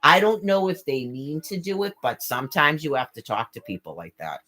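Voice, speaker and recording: A woman's voice: deep voice, lively intonation, fairly quick, sharp tone. A woman vlogging an exasperated, profane rant, full of rhetorical questions and stumbling restarts, now and then mimicking what others said. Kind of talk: rambling rant to camera.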